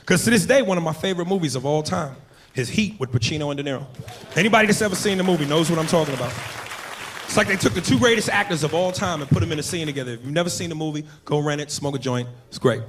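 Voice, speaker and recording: A man's voice: fairly high pitch, very fast, a bit bright, a faint crowd. A male stand-up comedian performing profane, conversational stand-up comedy in a noisy live room.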